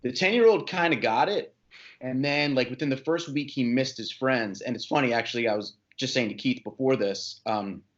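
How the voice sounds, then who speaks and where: A man's voice: medium pitch, normal speed, dull audio. A man who is a guest on a podcast, chatting with wry, self-deprecating humor. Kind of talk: casual chat.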